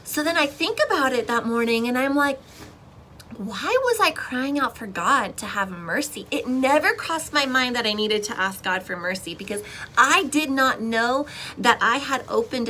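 A young woman sharing a personal faith testimony in casual, expressive storytelling, with emotional swings and frequent restarts. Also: fairly high pitch, a little hiss or hum, low-quality recording.

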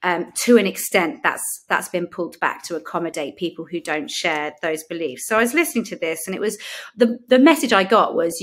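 A woman, a podcast guest giving a frank, lively personal testimony in conversation and acting out the people she quotes. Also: fairly low pitch, fairly quick. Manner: frank, lively storyteller who acts out quotes.

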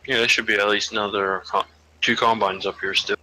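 Lower-voiced man giving game directions. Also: little pitch movement, fairly quick, sharp tone, poor audio. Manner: practical, directs teammates. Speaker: gamer on voice chat. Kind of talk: casual chat while gaming.

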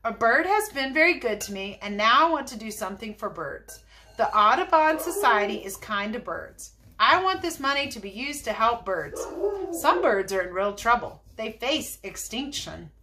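A woman reading a storybook aloud and voicing a cheerful, excited male storekeeper who talks high and eagerly. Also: normal speed, noisy background.

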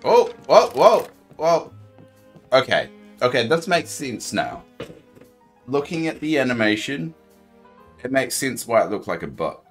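A man from New Zealand streaming a video game, chatting casually and joking with bursts of excited exclamations. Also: mid-range voice, moderate pace, long pauses, faint music behind. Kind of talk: casual live-stream commentary.

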